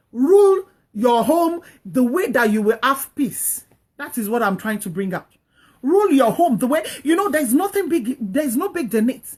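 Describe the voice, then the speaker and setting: A woman giving casual, preachy marriage advice, repeating her points earnestly and acting out what couples should say. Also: high voice. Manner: earnest, repetitive, preachy, acts out quoted speech. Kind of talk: casual advice talk to an online audience.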